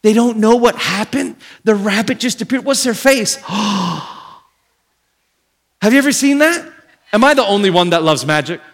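A man with a high voice preaches with great energy, gasping in wonder and now and then shouting. His voice rings out with the long reverb of a hall. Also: a little fast. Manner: animated, with dramatic gasps and shouts. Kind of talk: sermon.

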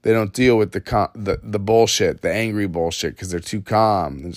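A man's voice: lowish voice, normal speed, no echo, studio quality. A man hosting a solo podcast, ranting in a rambling, self-mocking, profane way. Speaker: podcast host.

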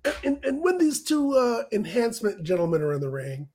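A man's voice: very high voice, sing-song, fairly quick, dark tone. A man co-hosting a casual wrestling recap show, laid-back and jokey as he walks through the matches. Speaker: podcast co-host.

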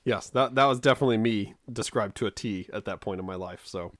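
A man's voice: fairly low pitch, quick pace, no room sound, studio quality. A man from Kansas, co-hosting a podcast, telling a childhood story in a rambling, self-mocking way with frequent restarts. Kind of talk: casual storytelling chat.

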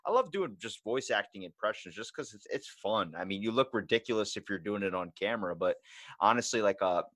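A man hosting a podcast, telling stories in an animated, rambling way, full of "like". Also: lowish voice, a little fast, dry recording. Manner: rambling, animated storyteller, many "like"s. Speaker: podcast host. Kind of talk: casual podcast chat.

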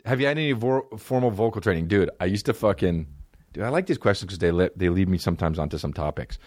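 A man in his thirties hosts a podcast alone, rambling through stories with lots of swearing. His pitch swings all over the place, and he often jumps into squeaky put-on voices. The sound is close and dry, with no room echo. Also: animated, quick pace, a little mellow. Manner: profane, rambling, jumps into high silly voices and laughs. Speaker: podcast host. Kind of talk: casual solo podcast chat.

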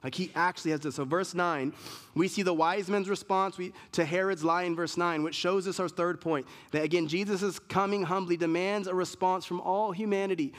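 A man's voice: sits high, steady tone, normal speed. Man preaching emphatically in a big hall. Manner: emphatic, repetitive preaching with many lists and restarts. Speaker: pastor. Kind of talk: sermon. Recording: long reverb of a large hall.

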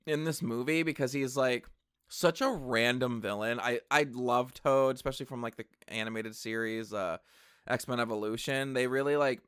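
A man casually reviewing a film on camera, rambling and excitable, with lots of fillers and asides. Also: mid-range voice, clean tone, no echo, clean studio sound. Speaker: movie reviewer. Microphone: camera mic.

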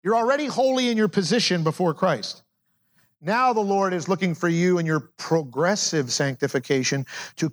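A middle-aged pastor delivers a sermon, swinging between loud, emphatic declarations and quiet, low asides.

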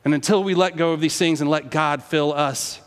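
A pastor from the United States preaching a sermon with impassioned delivery, swinging between hushed tones and raised, quoted lines. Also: male voice, fairly high pitch, fairly even intonation, normal speed, long reverb tail.

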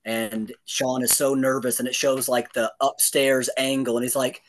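A man co-hosting a casual film podcast, laughing often and animated as he talks. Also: normal speed, slight background noise. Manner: laughs often, acts out lines in a high voice. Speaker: podcast co-host.

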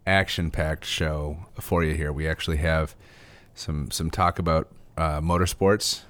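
Deep-voiced deadpan podcast host man. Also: a little slow, dry recording. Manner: deadpan sarcastic joking. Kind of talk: casual podcast chat.

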